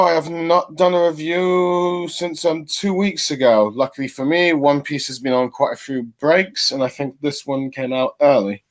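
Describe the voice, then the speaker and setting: A man hosting a casual comic review, rambling and halting with many fillers. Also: fairly high pitch. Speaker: host.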